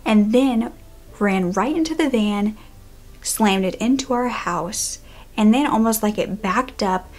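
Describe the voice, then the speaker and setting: A young woman vlogger tells a personal true-crime story straight to camera. Her voice sits at an ordinary middle pitch, and her delivery is chatty and animated, now and then sinking to a hushed whisper for the tense parts. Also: unhurried. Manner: animated, conversational, drops to a whisper for tense moments. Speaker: YouTuber.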